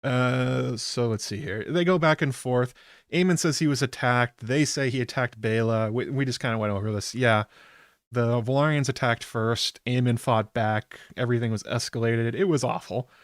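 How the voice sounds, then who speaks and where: This man hosts a podcast and walks through a TV episode in a loose, meandering style full of filler. The recording is dry with clean studio sound, and his mid-range voice moves at a moderate pace.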